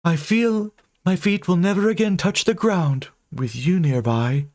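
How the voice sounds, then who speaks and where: A man's voice: sits high, a little slow, darkish tone, pitched above the performer's own voice. A man voicing a lovesick female ghost who speaks in a doting, swooning way. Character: lovesick female ghost, booming, turns vengeful.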